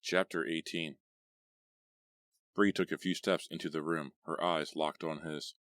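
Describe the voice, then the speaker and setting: A man reading a horror audiobook in a measured, steady way. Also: very deep voice, dry recording, clean studio sound. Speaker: audiobook narrator. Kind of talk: scripted horror audiobook narration.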